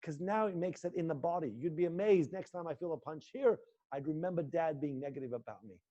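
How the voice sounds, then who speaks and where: A male acting teacher guiding students through an intense exercise, swinging between low muttered lines and loud coaching. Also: a little fast, highs cut off. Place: indoor room.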